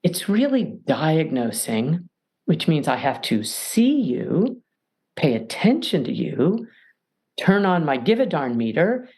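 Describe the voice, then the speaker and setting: A woman's voice: fairly low pitch, very animated, slow, a little mellow, slightly rough. A middle-aged woman, a mediator and podcast guest, giving emphatic advice and acting out little scenes as she explains. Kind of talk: animated advice talk.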